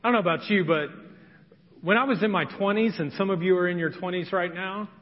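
Male pastor, sermon, high voice, earnest storytelling, long hall reverb. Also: brisk. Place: church sanctuary. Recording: reverberant church hall, dull sound.

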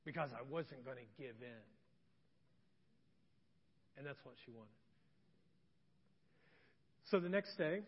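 A pastor preaching a sermon, telling stories and dropping from loud to soft and intimate. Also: male voice, high voice, long reverb tail, highs cut off. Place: church sanctuary.

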